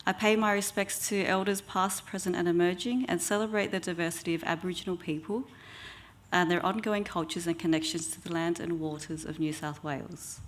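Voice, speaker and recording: A woman's voice: on the low side, fairly even intonation. Woman giving a health talk. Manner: measured, with frequent ums. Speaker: oral health therapist.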